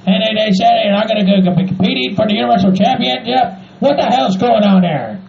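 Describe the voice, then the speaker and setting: A man's voice: high-pitched, expressive, fast, gravelly, music in the background. A man voicing a cranky, foul-mouthed hillbilly man who rants and swears. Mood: irritated complaining. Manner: ranting, swearing, says "by God". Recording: echoey muffled room, faint noise.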